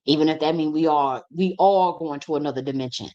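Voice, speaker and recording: A woman's voice: low-pitched, brisk, dark tone, lo-fi sound. A woman speaking as a spiritual teacher in an impassioned monologue, blunt and profane, repeating phrases for emphasis.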